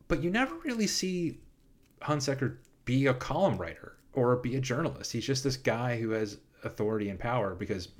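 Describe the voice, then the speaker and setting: A man in casual film discussion, animated and quick in bursts, often restarting his sentences. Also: lowish voice.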